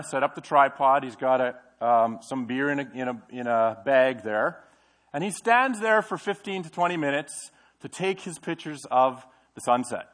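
A middle-aged male pastor preaching a sermon in a church, in a conversational way, asking the congregation questions. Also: mid-range voice. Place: church sanctuary.

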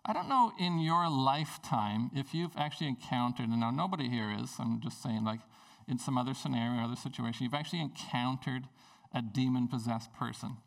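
Gravelly man preaching a lively sermon. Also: mid-range voice, fairly quick, far from the mic. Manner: conversational, animated storytelling preaching. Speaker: pastor. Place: church service.

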